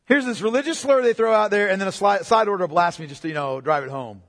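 A man preaching an expository sermon, emphatic and repetitive, swinging from loud declarations to hushed asides. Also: high voice, quick pace, in a large hall. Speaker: pastor.

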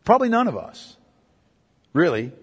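A man's voice: on the high side, huge pitch swings, normal speed, husky, in a large hall. A man preaching a sermon in an emphatic, conversational way, with many rhetorical questions to the congregation. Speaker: pastor.

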